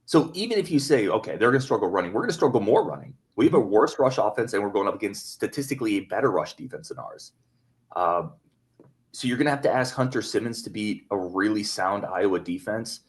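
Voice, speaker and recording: A man hosting a sports podcast, weighing up arguments in a measured, analytical way. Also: fairly low pitch, big pitch swings. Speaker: podcast host.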